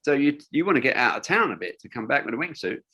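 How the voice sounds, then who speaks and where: A man's voice: medium pitch, very animated, quick pace, bright, forceful tone, slightly rough. An older man, a wingsuit designer, telling rambling stories in a casual interview, with lots of fillers and restarts.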